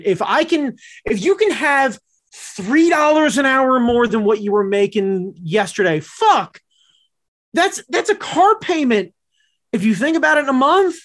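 A man co-hosting a casual chat over a video call, talking emphatically with lots of swearing and repeated pleading. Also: high-pitched. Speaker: podcast co-host.

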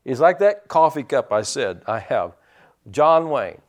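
A man preaching a sermon in a folksy, rambling storytelling way, rising into loud bursts. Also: mid-range voice, very animated, measured pace.

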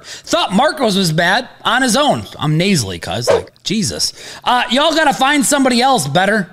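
A high-voiced man hosts a casual betting podcast, his pitch leaping about as he talks. He hedges his picks and laughs easily. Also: moderate pace, slight background noise. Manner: animated, hedging, laughs easily. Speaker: sports betting podcast host.

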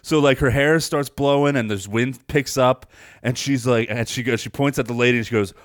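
A man's voice: medium pitch, a little fast, no echo, studio quality. A man co-hosting a film podcast in casual chat, rambling, swearing freely and animatedly retelling scenes. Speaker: podcast co-host reviewing films.

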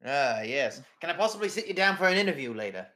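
A man voicing a gruff, cigar-chomping newspaper editor who is blustery and excitable. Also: on the high side, quick pace. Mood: eager.

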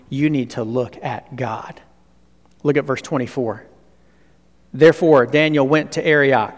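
Pastor guy preaching in a big echoey hall, asks the crowd stuff, gets real quiet sometimes. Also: on the high side. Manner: animated preaching with sudden drops to a hush; asks the audience questions. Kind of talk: sermon. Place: hall with an audience. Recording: long hall reverb.

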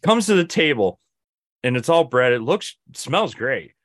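A young man co-hosts a podcast, chatting casually, spinning rambling stories and acting out his friends' lines. His mid-range voice is fairly bright, with big pitch swings and a measured pace. The studio recording is clean, with no room sound.

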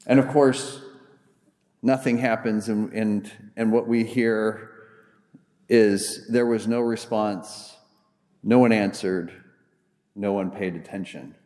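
A man's voice: lowish voice, steady tone, takes it slowly, long pauses, dark tone. A man preaching a sermon as a pastor, retelling a Bible story in a conversational, humorous way. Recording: echoey hall with long reverb.

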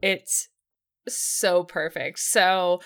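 A woman's voice: fairly low pitch, fairly even intonation, drawn-out words, a bit bright, clean tone. A woman chatting casually as a podcast co-host, laughing often and acting out quoted lines. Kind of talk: casual recap chat.

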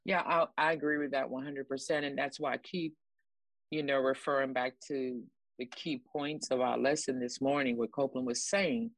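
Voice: mid-range voice, steady tone, moderate pace, fairly bright tone, no echo, poor audio. A minister teaching a Bible lesson, repeating key points and acting out quotes to the listeners. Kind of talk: sermon-style Bible lesson.

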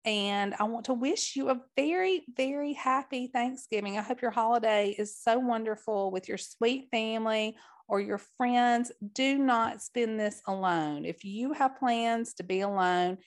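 A woman's voice: fairly high pitch, normal speed. A woman podcast host with a Southern accent, reading a recipe and chatting in a friendly, talkative way. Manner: friendly, chatty, addresses listeners as y'all. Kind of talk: recipe reading and interview chat.

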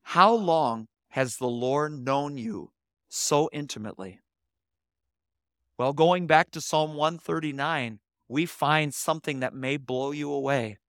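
A man's voice: fairly high pitch, slow, fairly bright tone, smooth, dry recording, clean studio sound. A male pastor preaching a sermon, reading a story aloud and voicing the people in it. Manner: reads a story aloud with voiced quotes.

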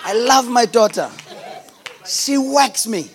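A man preaching a sermon in an impassioned, sing-song cadence, swinging between shouts and hushed tones. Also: extremely high pitch, expressive, takes it slowly, some chatter behind.

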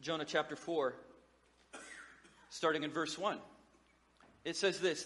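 A man's voice: a little high, a little slow, long pauses, fairly bright tone, in a large hall. A man preaching a sermon as pastor, in a conversational, joking manner with frequent restarts.

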